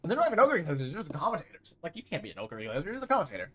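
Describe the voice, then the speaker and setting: A young man races through casual chatter while streaming a game, his high-side voice making huge pitch swings over a little hiss or hum. He rambles as he plays and erupts now and then in loud mimicking shouts.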